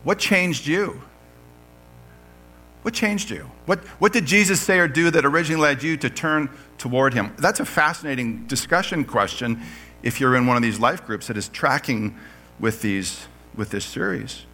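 Bright-voiced guy preaching in church, cracks puns, reads verses out loud, soft music behind. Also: mid-range voice, normal speed. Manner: animated, joking, reads scripture aloud. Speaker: pastor. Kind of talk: sermon.

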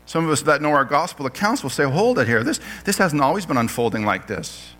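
A man's voice: fairly high pitch, very animated, brisk, a bit bright. A man preaching a sermon in church, reading scripture aloud and joking with his congregation. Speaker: pastor.

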